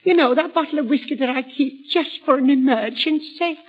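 A woman's voice: high-pitched, brisk, natural voice. An actress playing a fussy, hypochondriac old mother in a comic sketch, whining and self-pitying. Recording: tinny, phone-like old recording.

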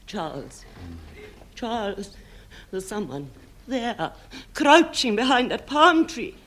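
An actress playing a breathless romantic heroine in a comedy sketch, drawn-out and swooning. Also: female voice, high-pitched, expressive, a bit bright, heavily acted. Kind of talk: parody melodrama acting. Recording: noisy live recording with audience.

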